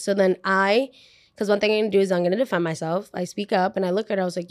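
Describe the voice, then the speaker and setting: A woman hosting a podcast tells a story in an animated, chatty way, with lots of "like" asides. Her voice sits at an average pitch. The recording is dry and close, with almost no room sound. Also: racing, dry recording. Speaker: podcast host. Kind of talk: casual storytime monologue.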